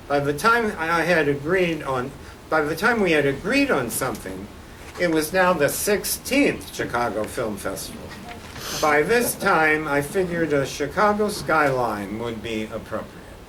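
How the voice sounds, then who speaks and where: An older man with a fairly high, fairly bright voice lectures as a guest artist on his posters, using slides and a dry, wry sense of humor. The recording, made in a college lecture hall from a distant mic, has faint background noise.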